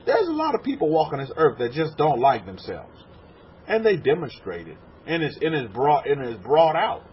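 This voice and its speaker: A man's voice: fairly high pitch, wildly swooping pitch, moderate pace. A man from Texas, a rabbi preaching a sermon to a congregation in a room, repeating words and acting out quotes. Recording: dull lo-fi sermon recording with faint noise.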